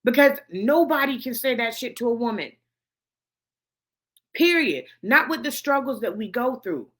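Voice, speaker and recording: A woman's voice: on the high side, animated, moderate pace, fairly bright tone. Blunt, profane woman ranting to camera. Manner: blunt and profane, heavy swearing, repeats points for emphasis. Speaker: host of a gossip commentary show.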